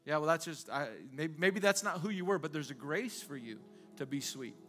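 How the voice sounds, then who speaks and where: A man's voice: a little high, lively intonation, moderate pace, a bit bright, faint music behind. A male pastor preaching a sermon in a conversational way, asking the congregation rhetorical questions again and again.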